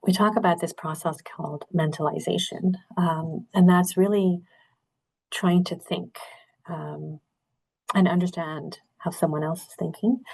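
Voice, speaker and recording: A woman's voice: lowish voice, gravelly, a little mellow. A middle-aged woman, a nurse, giving a webinar talk in an earnest, candid and reflective way over a video call.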